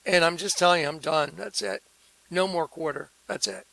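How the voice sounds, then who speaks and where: A man's voice: fairly high pitch, moderate pace, creaky, bright, forceful tone, no echo, low-quality recording. A man ranting sarcastically and combatively to his viewers, repeating himself and using preachy religious language. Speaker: video host. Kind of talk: ranting monologue to camera.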